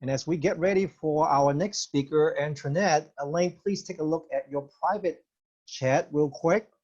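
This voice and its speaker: A man hosting an online club meeting, introducing the next speaker in a friendly, measured way. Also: fairly high pitch, darkish tone, muffled recording. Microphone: video call.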